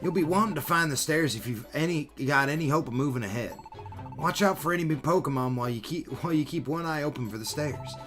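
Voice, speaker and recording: A man's voice: fairly high pitch, fast talker, music in the background, lightly acted. A man voicing a helpful, folksy male Nuzleaf with an American Southern accent, reading the game dialogue aloud. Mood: folksy advice. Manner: folksy, drawling, exclamatory.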